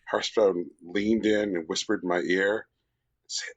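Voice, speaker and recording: A man's voice: low-pitched, fairly even intonation, measured pace. Joking man on dull lo-fi audio. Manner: joking, swears, tells mock-romantic bits. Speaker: podcast co-host. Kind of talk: casual chat.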